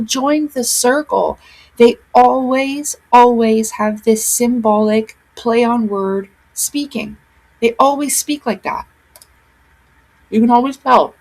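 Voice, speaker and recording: A woman's voice: a little high, rough recording. A woman hosting her own commentary vlog, speaking earnestly and insistently, often repeating herself for emphasis. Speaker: commentary channel host.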